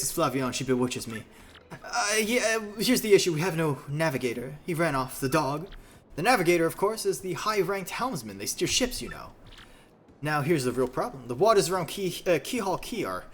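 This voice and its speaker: A man doing a flamboyant, self-important captain for a video game. He talks in a grand, theatrical way, and his bright voice climbs and dips all over the place. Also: a little high, voice pushed up. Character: pompous flamboyant male ship captain.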